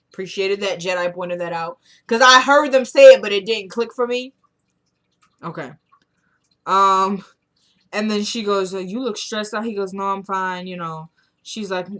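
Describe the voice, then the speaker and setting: A woman's voice: mid-range voice, fairly bright tone. Chatty woman recapping a TV episode. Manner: retells scenes in quoted dialogue, chatty and opinionated. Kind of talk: casual recap chat.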